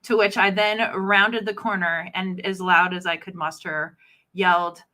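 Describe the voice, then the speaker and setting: Animated giggly woman storyteller. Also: on the low side, measured pace, rough recording. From Ohio. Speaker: podcast co-host. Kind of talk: casual live chat.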